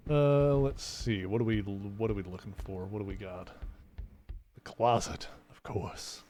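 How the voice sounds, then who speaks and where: A man's voice: on the low side, steady tone, unhurried, dark tone, slight background noise. A man streaming a game live from home into a desk microphone, chatting playfully, rambling between gameplay remarks and teasing his cat.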